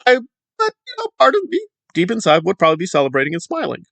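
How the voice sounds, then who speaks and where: Sardonic man with a gravelly voice. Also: sits high, huge pitch swings, fast talker, a bit bright, no room sound, faint music behind. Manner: sardonic, rambling, dismissive. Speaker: commentary channel host. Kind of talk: casual ranting commentary.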